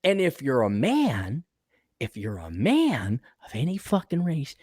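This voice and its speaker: A man co-hosting a podcast, telling jokes in a rambling, animated way. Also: medium pitch, measured pace, husky, no room sound, studio quality. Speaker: podcast co-host. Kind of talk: casual chat, joke-telling.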